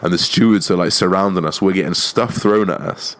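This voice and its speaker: A young man hosting a podcast, telling a story in a casual, animated way and swearing often. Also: sits low, a little fast. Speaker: podcast host.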